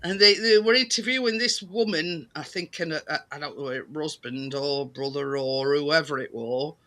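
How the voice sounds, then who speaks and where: A high-pitched man rambles through secondhand stories in a casual chat. His voice is very bright and sharp, and he stumbles over words with plenty of fillers. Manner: rambling, halting, many fillers. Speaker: participant in a group chat.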